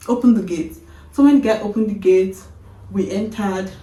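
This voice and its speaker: Woman, storytime vlog, animated retelling, mellow tone, echoey room. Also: medium pitch, measured pace, distant mic. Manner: animated retelling, breaks into laughter. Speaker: vlogger.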